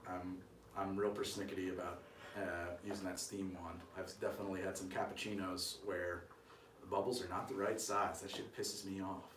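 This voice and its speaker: A man's voice: low-pitched, little pitch movement, moderate pace, roomy sound, far from the mic, background noise. A man hosting a cocktail show, chatting casually on a live stream as he makes a drink, with rambling, self-deprecating asides.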